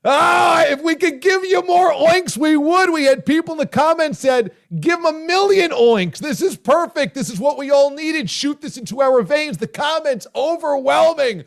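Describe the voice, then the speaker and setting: Male talk radio host, higher voice, effusive and loud. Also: normal speed, vocal fry, few pauses, faint music behind. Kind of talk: casual talk radio chat.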